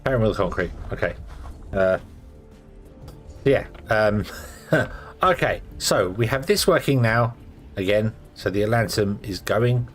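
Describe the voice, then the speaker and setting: A man's voice: lowish voice, lively intonation, a little slow, soft background music. A sleepy man casually commenting on his own gameplay, thinking aloud with lots of fillers. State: sleepy, yawning. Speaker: gameplay streamer.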